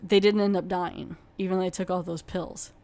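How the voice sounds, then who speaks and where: A woman's voice: lowish voice, steady tone, normal speed, darkish tone. A woman hosting a podcast, chattily retelling a television episode with many fillers like "you know". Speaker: podcast host. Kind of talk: casual plot retelling.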